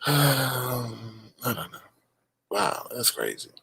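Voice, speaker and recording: A man hosts a livestream, his sassy, slangy commentary turning into a scolding rant. His voice is husky and a little rough. It sounds dry and close to the mic. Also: medium pitch, huge pitch swings, takes it slowly, bright, forceful tone, no echo. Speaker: livestream host. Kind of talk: ranting live commentary.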